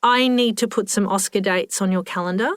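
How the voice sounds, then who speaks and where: A woman's voice: mid-range voice, a little fast, no room sound, studio quality, close to an everyday voice. A woman voicing a polite, somewhat awkward grown daughter who answers briefly.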